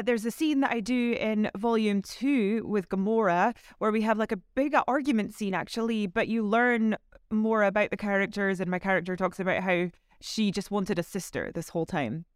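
A woman's voice: medium pitch, normal speed, dry recording, clean studio sound. A woman actor being interviewed, chatting casually with easy laughs and lots of fillers. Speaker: actor guest.

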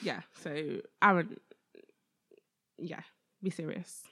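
A woman's voice: sits low, takes it slowly, pushed and bright, husky, dry recording, studio quality. A woman chatting casually as a podcast co-host, explaining Bible verses in an emphatic, mock-scolding way.

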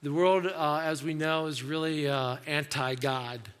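A man's voice: a little high, fairly even intonation, a little slow, few pauses, fairly bright tone, smooth. A man preaching a sermon as pastor, talking to the congregation in a conversational way and acting out the voices he quotes. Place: church sanctuary. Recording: echoey church hall.

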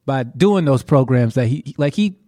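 A man's voice: mid-range voice, animated, normal speed, dark tone, no echo, clean studio sound. A man co-hosting a podcast, telling profane rambling anecdotes in casual chat. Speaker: podcast co-host.

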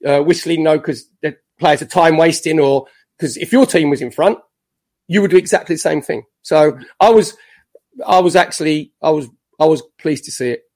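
A man talks on a podcast as a guest. His voice sits a bit high for a man, and he tells stories with energy, acting out other people's words. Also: moderate pace. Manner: animated storyteller, acts out quotes. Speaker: guest, former footballer. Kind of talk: casual podcast chat.

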